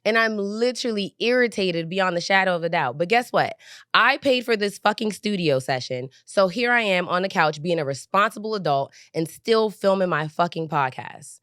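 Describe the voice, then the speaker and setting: On her recording studio couch, a woman hosting her own podcast vents angrily and profanely, shaken and hammering her points home with "okay?". Her mid-range voice is lively, slightly bright, and at normal speed, captured clean with no room sound.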